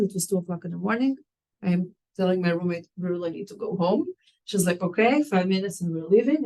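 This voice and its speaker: A woman's voice: medium pitch, poor audio. Israeli woman telling a story to her class. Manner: candid, animated storyteller with non-native phrasing. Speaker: rabbi teaching a course.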